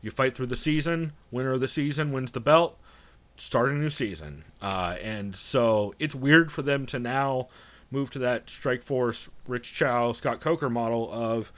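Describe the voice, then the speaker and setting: A man's voice: mid-range voice, normal speed. A man co-hosting a casual fight-sports podcast, talking bluntly with frequent swearing and restarts. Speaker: podcast co-host.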